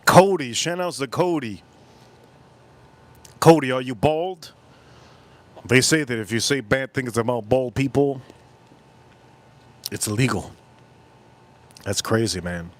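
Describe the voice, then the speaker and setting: A man's voice: medium pitch, slow, long pauses. American dude on a livestream, rambling crude banter w/ chat, sipping drinks as he goes. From United States. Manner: drinking on stream between lines. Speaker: livestream host.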